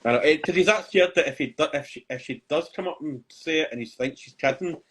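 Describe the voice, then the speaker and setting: An older man, a grandfather, chatting casually on a podcast he hosts and telling relaxed anecdotes. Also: fairly high pitch, fast, husky, poor audio. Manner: easygoing anecdotal storytelling. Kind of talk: casual chat.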